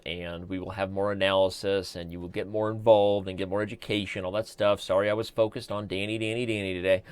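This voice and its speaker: A man's voice: fairly low pitch, fairly even intonation, smooth, no room sound. A man hosting a chess live stream, rambling and joking as he signs off. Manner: rambling, joking, quick asides. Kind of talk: casual live-stream sign-off.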